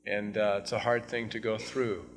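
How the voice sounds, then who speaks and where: A man's voice: fairly low pitch, flat delivery, moderate pace, big-room sound, faint music behind. A man preaching an evening sermon as pastor, talking conversationally and swelling into fervent scripture reading.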